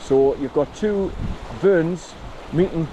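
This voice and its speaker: A man with a fairly high voice vlogs as he walks in windy drizzle, camera strapped to his chest. Chatty, he speaks to his dog between remarks, while strong wind noise batters the mic over a backdrop of wind and rushing water.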